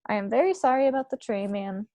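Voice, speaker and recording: A woman reading aloud, voicing an anxious older maid who speaks softly and deferentially. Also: on the high side, animated, fast, dry recording. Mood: fretful.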